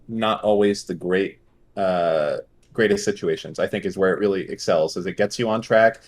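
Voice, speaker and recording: A man hosting a call-in stream, talking bluntly, teasing the caller and swearing often. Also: on the low side. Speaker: host. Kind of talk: casual call-in chat.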